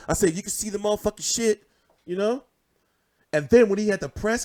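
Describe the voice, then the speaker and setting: Hosting a boxing show over a casual livestream, a young man in his 20s tells stories animatedly and swears without restraint. He talks fast in a high-pitched voice.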